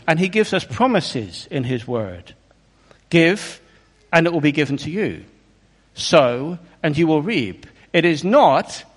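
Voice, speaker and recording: A man preaches a sermon in a church hall with long reverb behind his voice. He speaks high and swings widely in pitch, earnest and emphatic. He keeps putting rhetorical questions to his listeners.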